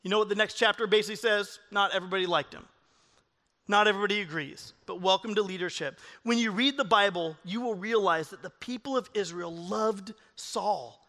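High bright-voiced male pastor preaching. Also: fairly quick, long reverb tail. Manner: animated, jokey storytelling. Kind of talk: sermon.

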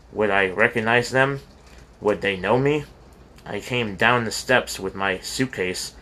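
A man narrates a memoir in a low-pitched but bright, forward voice. His reading is earnest and heartfelt, with the odd slip and restart, like someone reading aloud at home rather than a polished studio pro. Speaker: audiobook reader.

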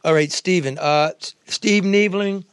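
A man's voice: high-pitched, measured pace, smooth, no room sound. A man from Detroit hosting a talk show, blunt, profane and joking in casual chat.

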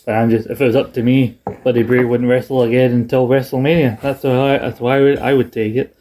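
Young Scottish man, podcast co-host, loose rambling chat, mid-pitched, swears. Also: flat delivery, fast talker, mellow. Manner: rambling, restarts often, laughs along, swears freely. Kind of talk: casual chat.

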